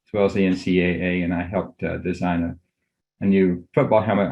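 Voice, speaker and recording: Older doctor giving a talk on zoom, low monotone voice, lots of ums, muffled sound. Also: male voice. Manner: measured, courteous, thinks aloud with many fillers. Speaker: guest lecturer, physician. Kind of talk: academic lecture on a video call. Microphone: video call.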